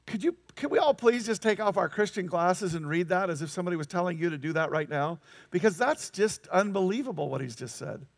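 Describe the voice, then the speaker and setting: A man preaching a sermon, animated and emphatic, with incredulous asides. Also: high voice, brisk, vocal fry, hardly any pauses, no room sound. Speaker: pastor.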